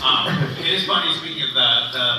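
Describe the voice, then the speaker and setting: A man on a convention panel telling lively stories and dropping into deep put-on voices for effect. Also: quick pace. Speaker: panel guest. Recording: echoey hall, distant, crowd noise.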